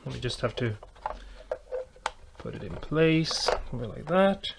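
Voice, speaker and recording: A man narrates his own electric guitar build in a casual, muttering style. His voice has a gravelly creak to it. He thinks aloud, trails off, restarts and fills pauses, and now and then makes a self-deprecating joke. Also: mid-range voice, lively intonation, noisy background.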